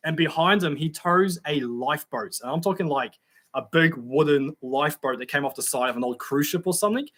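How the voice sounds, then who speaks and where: Bright-voiced man chatting casually. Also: on the high side, brisk. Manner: chatty, laid-back, laughs often, trails off with ums. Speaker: livestream host reading viewer comments. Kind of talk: casual livestream chat.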